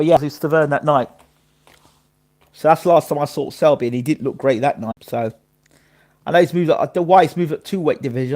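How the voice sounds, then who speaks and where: A man hosting a casual live boxing stream, chatting his opinions and shouting out viewers by name and place. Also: fairly high pitch.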